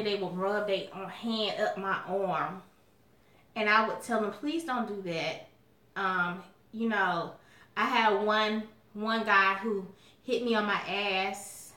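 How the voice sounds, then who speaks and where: A woman from Alabama with a Southern accent, chatting casually and sassily to her viewers in a vlog. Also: mid-range voice. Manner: chatty, sassy, animated, calls viewers y'all. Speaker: mukbang vlogger. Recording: echoey room.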